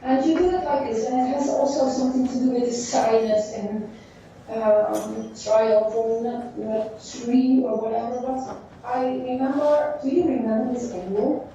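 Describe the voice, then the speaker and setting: A woman teacher giving a classroom lecture, thinking aloud in halting phrases while she draws on a board. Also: a little high, fairly even intonation, mellow, slight background noise. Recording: echoey dull room sound from far off.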